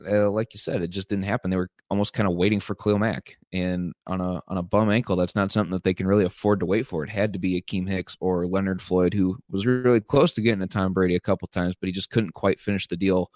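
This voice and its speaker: A hoarse man co-hosting a sports podcast, breaking down plays quickly with lots of "uh"s. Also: deep voice, steady tone, a little mellow, no room sound, studio quality. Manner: fast, filler-heavy analysis with many "uh"s. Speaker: podcast co-host.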